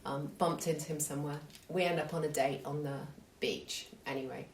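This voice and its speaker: A woman telling a true story to an audience in an unhurried, conversational, self-deprecating way. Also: low voice, steady tone. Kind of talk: live storytelling. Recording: echoey hall, distant mic, faint noise.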